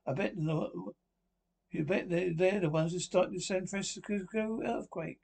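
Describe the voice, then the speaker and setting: A man's voice: high-pitched, unhurried, vocal fry, a little mellow. A man performing in a 1930s radio drama, with theatrical, exclaiming delivery.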